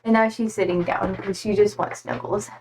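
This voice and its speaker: A woman's voice: mid-range voice, fairly even intonation, brisk, gravelly, a little mellow, slight background noise, poor audio. A young woman streamer chatting casually and bubbly, gushing over her cats with baby talk. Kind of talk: casual live-stream chat.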